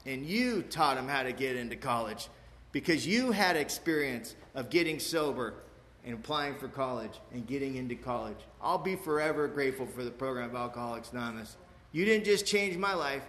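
A man's voice: medium pitch, animated, normal speed, fairly bright tone. A man in his forties giving an emotional, rambling personal testimony to a recovery meeting, often asking "you know what I mean". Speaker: speaker sharing at a recovery meeting. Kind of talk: personal testimony to a live audience. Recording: echoey hall with faint room noise.

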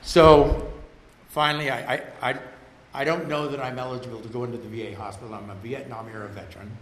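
A man's voice: mid-range voice, fairly bright tone. Older man telling his recovery story. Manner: earnest, conversational, repeats words when emotional. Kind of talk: personal storytelling. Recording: roomy with faint background noise.

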